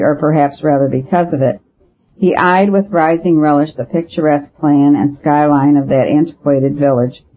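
A man reading a novel aloud, with a measured, even delivery and light shifts for the characters. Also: a little high. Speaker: audiobook narrator. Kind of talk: scripted narration of a novel. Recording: dull lo-fi audio.

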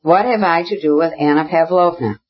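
A reader voicing Kitty, a proud young woman who speaks in impassioned, insistent bursts, with a husky voice. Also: mid-range voice, a little fast, highs cut off, slight background noise, lightly acted. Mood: furious. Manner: impassioned, insistent, repeating herself. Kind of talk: audiobook character reading.

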